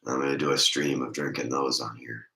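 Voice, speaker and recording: Very deep-voiced congested streamer man. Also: level tone, bright, forceful tone, roomy sound. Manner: slow rambling talk, voice squeaks and crackles when raised. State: congested throat. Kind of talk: casual chat stream.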